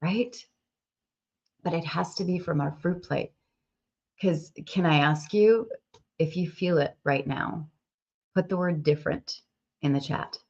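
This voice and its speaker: A woman's voice: low-pitched, measured pace, vocal fry, long pauses. A woman business coach, congested with a cold, talking emotionally and expressively to her followers on a live stream. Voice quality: expressive, laughs often, swings between bright and soft. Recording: dull lo-fi live-stream audio.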